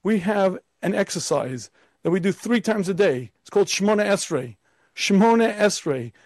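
A man teaching Torah as a rabbi, emphatic and full of rhetorical questions. His voice sits a little high but sounds mellow and soft-edged, and the recording is dry and close. He sometimes slips into a pompous, self-important voice to make his point. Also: expressive, moderate pace, no room sound. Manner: acts out a pompous, arrogant voice. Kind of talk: Torah lecture.

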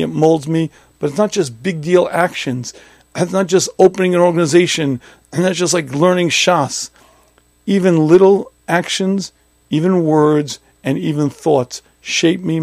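Gravelly, emphatic rabbi giving a lecture. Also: male voice, a little high, a little mellow, no room sound, studio quality. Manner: emphatic, repeats phrases, acts out imagined objections. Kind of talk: Torah lecture.

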